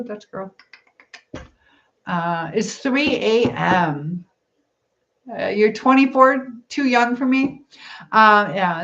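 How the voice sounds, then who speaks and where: A woman's voice: medium pitch, dull audio. A woman hosting a casual live-stream chat, answering viewers as she braids her hair.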